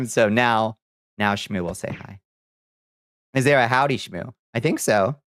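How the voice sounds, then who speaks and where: A man's voice: medium pitch, animated, slow pace, fairly bright tone, dry recording, studio quality. A man streaming live, chatting casually with viewers, laughing often and swearing offhandedly. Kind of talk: casual livestream chat.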